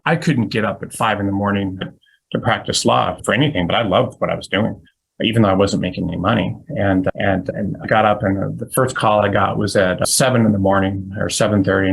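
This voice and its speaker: A man's voice: fairly low pitch, gravelly, husky, poor audio. A middle-aged man giving a casual webinar talk, telling stories with many restarts. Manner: rambling storytelling with frequent restarts. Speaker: legal recruiter giving a webinar.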